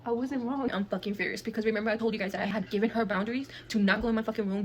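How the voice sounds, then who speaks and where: A woman's voice: on the high side, fairly even intonation, rapid-fire, a little hiss or hum. A woman, telling a dramatic personal story in a blunt, heavily cursing manner. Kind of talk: casual storytime monologue.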